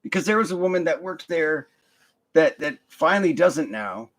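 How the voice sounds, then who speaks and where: A man's voice: fairly high pitch, lively intonation, moderate pace. A young man telling a work story in a casual, profane, rambling rant full of fillers and restarts. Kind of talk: casual ranting monologue.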